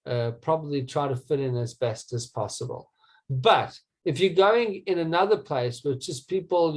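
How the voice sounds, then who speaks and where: A man's voice: mid-range voice, a little mellow, rough recording. A man teaching a small group in an informal talk, often stumbling and repeating his words. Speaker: rabbi teaching a class.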